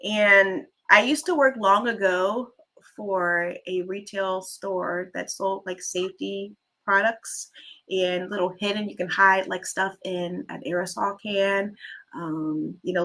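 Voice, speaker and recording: A woman hosts a relaxed live stream from home, talking straight to her viewers. Her voice is bright and forward, at a middle pitch. She is chatty and animated, with casual asides. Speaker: channel host.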